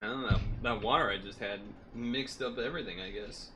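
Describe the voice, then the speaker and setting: A man's voice: medium pitch, fairly quick, pushed and bright, a little hiss or hum. A man streaming from home, chatting casually in a rambling, self-correcting way while hot and sweaty.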